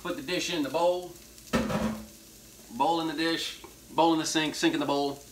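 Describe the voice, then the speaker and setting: Male cooking-show host, slightly high voice, casual jokey patter, loud frying behind. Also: steady tone, normal speed, background noise. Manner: folksy, jokey, hip slang. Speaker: horror movie host doing a cooking segment. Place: home kitchen at the stove. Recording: loud sizzling and frying in the background.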